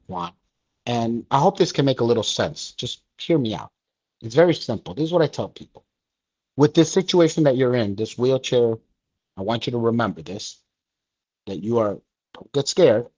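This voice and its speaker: A man speaking as a guest in a candid podcast talk, blunt and profane, telling stories with lively energy. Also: medium pitch, breathy edge, dull audio. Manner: blunt and profane, animated storytelling. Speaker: interview guest, peer mentor.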